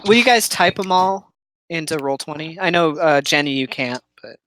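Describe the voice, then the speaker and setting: A game master narrating a tabletop game, setting eerie scenes slowly and with pauses. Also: mid-range voice, a bit bright, no echo, low-quality recording.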